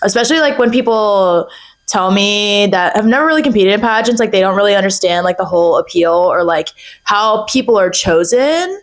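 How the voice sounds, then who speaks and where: A young woman talking as a podcast guest in a casual chat, chatty and animated, with many fillers. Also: medium pitch, a little fast. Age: young adult.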